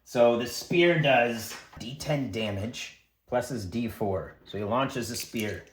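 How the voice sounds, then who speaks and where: A man narrating his own solo tabletop role-playing game as game master, in a rambling, chatty way, excitable at dice rolls. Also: mid-range voice, slow, a little hiss or hum. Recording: echoey room.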